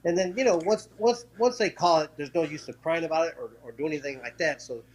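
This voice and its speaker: A man who was a professional boxer tells a story in an interview, talking in quick bursts with many restarts and acting out what others said. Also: on the high side. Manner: acts out quoted voices while telling a story.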